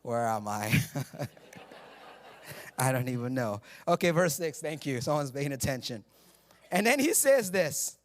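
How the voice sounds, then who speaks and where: A man's voice: medium pitch, very animated, measured pace, pauses often. A man preaching a sermon as pastor, joking and conversational, laughing at himself between scripture readings. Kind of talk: humorous sermon. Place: church sanctuary.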